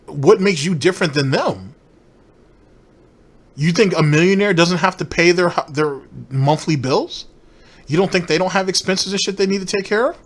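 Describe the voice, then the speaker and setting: A man's voice: sits high, moderate pace. A man hosting a commentary channel, ranting in a rambling, sarcastic and profane way.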